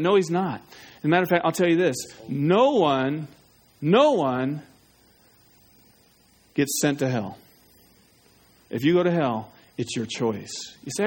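Male pastor, slightly high voice, urgent and pleading evangelistic sermon. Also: lively intonation, unhurried, breathy edge. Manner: urgent, pleading, asks listeners questions.

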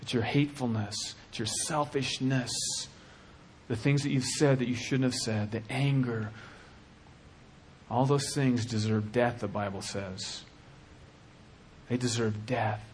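A man preaching a sermon with passion, dropping to a hush and then rising to shouting. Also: medium pitch, fairly even intonation, a little slow, pauses often, a little hiss or hum. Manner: impassioned, swings from hushed to shouting.

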